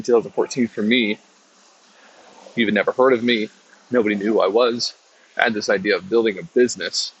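Male podcast host, low husky voice, rambling casual motivational talk, dull lo-fi sound. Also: fairly bright tone. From American South. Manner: loose, rambling, with many restarts and fillers. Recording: dull lo-fi recording.

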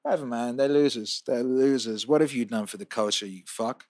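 A man hosting a podcast, answering listener questions in a casual, profane rant that swings from a laid-back drawl to loud outbursts. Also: medium pitch, fairly quick, dry recording, studio quality. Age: adult with a young son. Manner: profane, fired-up ranting with repeated phrases.

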